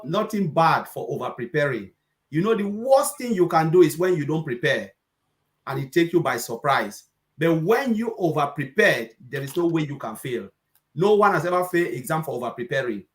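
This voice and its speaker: A man giving an emphatic, preachy, repetitive motivational talk on a webinar, now and then acting out customers' voices. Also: fairly high pitch. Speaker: presenter.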